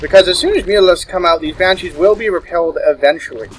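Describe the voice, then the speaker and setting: A man's voice: high voice, quick pace, slight background noise, low-quality recording. A young man giving casual solo commentary on a strategy game match, chuckling and correcting himself as he goes. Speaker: esports caster.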